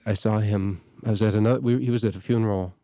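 A middle-aged man, a parish priest hosting a show, talking casually in a halting way with many restarts and fillers. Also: fairly low pitch, steady tone, warm tone, dry recording, studio quality. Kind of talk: casual talk.

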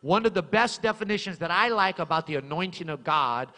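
A male pastor delivers a fervent sermon, hammering points through repetition and building to shouts. His voice sits high and sounds bright and forceful. A long hall reverb trails every phrase. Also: lively intonation, fairly quick, few pauses. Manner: fervent preaching with emphatic repetition, rising to shouts.

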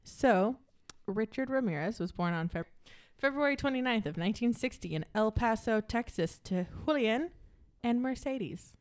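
A woman's voice: a little high, expressive, moderate pace, a little mellow. A woman hosting a casual true-crime podcast, telling the case with jokey asides and frequent laughs. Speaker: podcast host presenting the case.

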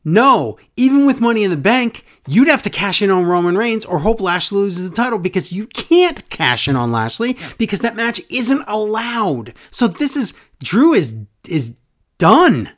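An animated man hosting a casual podcast, his pitch jumping high and low as he talks. He reads listener emails aloud and jokes along the way. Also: moderate pace. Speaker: podcast host. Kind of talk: casual wrestling podcast chat.

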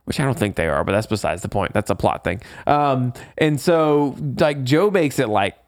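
Lively, animated male podcast co-host. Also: medium pitch, normal speed. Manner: animated storytelling, acts out lines, swears freely. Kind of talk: casual chat recapping a movie.

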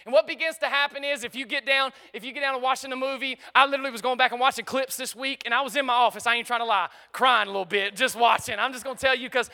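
A man, preaching a lively sermon and calling out to the crowd in an excited, chatty way during a live church service. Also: very high voice, quick pace, hardly any pauses, clean tone. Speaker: pastor.

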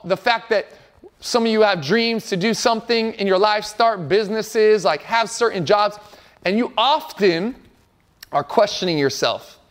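A man around forty preaching a sermon as a pastor, earnest and emphatic, repeating phrases for effect. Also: high-pitched.

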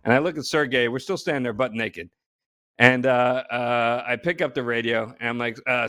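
A man from New Jersey spins a long, lively anecdote, often stumbling over restarts and breaking into laughter. His voice sits at an ordinary middle pitch. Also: moderate pace, clean tone. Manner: animated, frequent restarts and laughter. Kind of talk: casual storytelling.

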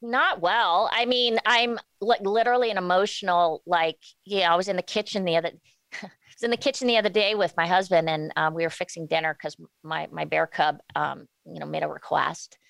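A woman's voice: fairly low pitch, fairly even intonation, gravelly, a bit bright, no echo. A woman in her forties talking candidly as an interview guest, often restarting her sentences. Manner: candid, halting with many restarts. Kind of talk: casual interview talk.

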